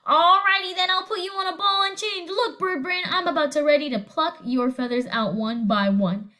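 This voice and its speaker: A woman's voice: extremely high pitch, moderate pace, pushed and bright. A woman voicing a bossy, insulting male parrot in a screechy, taunting voice.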